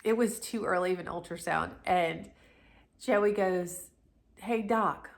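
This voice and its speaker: Her voice is creaky, fairly low, and a little slow. She's a middle-aged lifestyle vlogger from North Carolina, USA, telling a personal story to camera with lots of chatter, restarts, and side comments.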